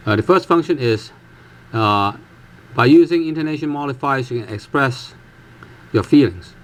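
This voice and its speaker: A man gives a relaxed online language lesson. His voice sits at a middle pitch. He pauses on fillers and draws out his example words slowly and patiently. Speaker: Cantonese language teacher.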